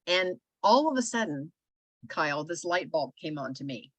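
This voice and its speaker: Animated middle-aged woman telling stories. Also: sits low, normal speed, dry recording, dull audio. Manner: animated storyteller, many filler phrases. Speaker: podcast co-host. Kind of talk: casual storytelling chat.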